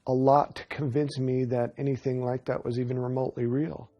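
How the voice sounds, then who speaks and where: A man's voice: mid-range voice, flat delivery, brisk, highs cut off. A man in a documentary interview, telling his story in an earnest, rambling way with frequent restarts. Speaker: interviewee recounting an experience.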